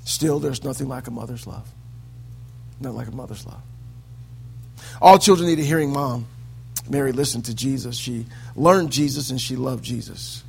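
A man preaching a sermon in a church, swinging from hushed lines to loud, sing-song peaks. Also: mid-range voice, moderate pace, creaky, pauses often, slightly rough.

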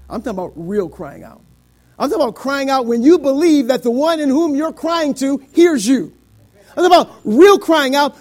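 A middle-aged man preaching a sermon, quoting scripture in old biblical wording and swinging between shouted climaxes and quiet, low passages. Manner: quotes scripture in King James wording.

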